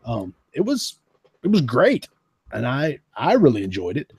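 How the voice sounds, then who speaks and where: Man, podcast co-host, casual chat, animated, husky, dry close sound. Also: mid-range voice, a little slow, no room sound. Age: adult who was a teenager in the late 1990s. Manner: animated, enthusiastic, says "man" and "dude".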